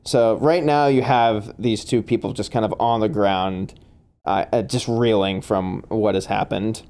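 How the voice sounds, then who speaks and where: Laughing game master with a mellow voice. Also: male voice, lowish voice, fairly even intonation, smooth. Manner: laughs often, halting with fillers. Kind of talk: narrating a tabletop game.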